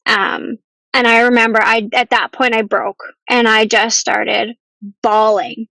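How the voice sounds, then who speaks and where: A woman telling a painful personal story as a podcast guest, earnest and halting, at times close to tears. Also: on the high side, level tone, creaky, sharp tone, no room sound, rough recording. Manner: earnest, halting, with restarts and ums.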